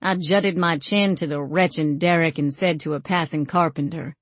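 A woman narrating a first-person novel in a wry, measured way, recorded on a close studio mic. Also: low-pitched, steady tone, no room sound. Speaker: audiobook narrator.

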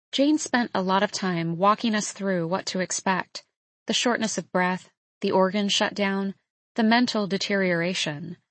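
A woman narrating a novel in the first person, in a soft, measured storytelling manner. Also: mid-range voice, no room sound. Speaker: audiobook narrator.

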